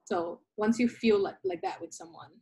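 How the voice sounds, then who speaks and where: A woman's voice: medium pitch, moderate pace, slightly rough, low-quality recording. A woman who works with clients on relationships, chatting casually and saying "like" a lot. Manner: relaxed, lots of "like" fillers. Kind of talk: casual podcast chat.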